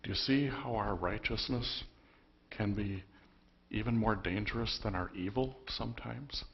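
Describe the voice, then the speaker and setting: A man's voice: fairly low pitch, a little slow, vocal fry, highs cut off. A man preaching a sermon as pastor, telling the story conversationally with emphatic bursts. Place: church.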